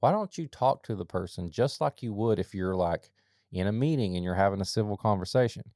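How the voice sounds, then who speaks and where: A man co-hosting a podcast in casual chat, rambling with lots of fillers and sudden animated bursts. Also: lowish voice, a little fast, no echo, clean studio sound. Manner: rambling, filler-heavy, jumps to animated outbursts. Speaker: podcast co-host.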